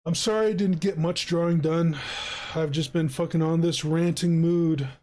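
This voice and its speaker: A man streaming while he draws, ranting heatedly with heavy swearing and a mock campaign pitch. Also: steady tone, moderate pace, darkish tone. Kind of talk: angry profane rant while drawing on stream.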